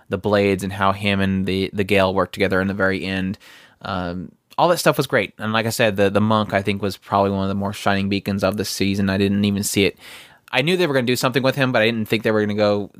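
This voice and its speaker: Low-voiced man chatting on a podcast. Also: clear, resonant tone, dry recording, clean studio sound. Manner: rambling, many fillers and restarts. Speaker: podcast co-host. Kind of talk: casual podcast review chat.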